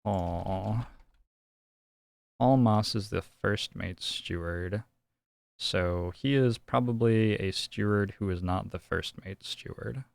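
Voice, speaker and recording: A man's voice: on the low side, takes it slowly, creaky, no echo. A young man streaming a detective game, musing and thinking aloud in casual commentary.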